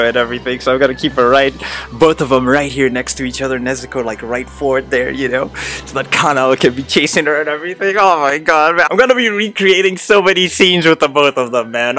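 A young man with a fairly high voice hosts an unboxing vlog. He talks in an excitable, gushing way and leaps up in pitch with every exclamation. Faint music plays behind him. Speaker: unboxing video host.

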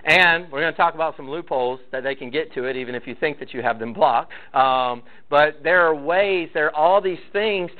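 A man's voice: fairly high pitch, a little fast, few pauses. Man teaching parents, tinny phone-like sound. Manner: conversational, storytelling, acts out quotes. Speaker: church parenting class leader. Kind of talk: casual teaching talk to parents.

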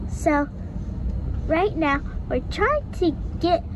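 A woman's voice: extremely high pitch, very animated, slow pace. A young woman chatting playfully to a phone camera while stuck in traffic in a car. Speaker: vlogger's daughter filming. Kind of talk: casual vlog chat.

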